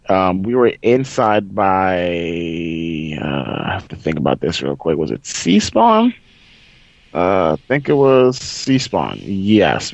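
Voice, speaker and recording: Male podcast host, lower register, animated storyteller; dry, slightly muffled recording. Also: dry recording. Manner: excitable storyteller, reenacts with loud outbursts. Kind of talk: casual gaming story chat. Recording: dry, slightly dull sound.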